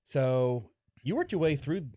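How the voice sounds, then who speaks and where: A man's voice: medium pitch, big pitch swings, a little slow, warm tone, dry recording, clean studio sound. A man hosting a podcast, asking loose questions and giving short affirming replies. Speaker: podcast host, interviewer. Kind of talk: casual interview.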